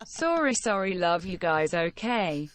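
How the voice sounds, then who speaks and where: A synthetic female text-to-speech voice reading viewer messages in a flat monotone. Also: on the low side, measured pace. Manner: flat monotone robotic delivery. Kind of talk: synthetic read-out of donations.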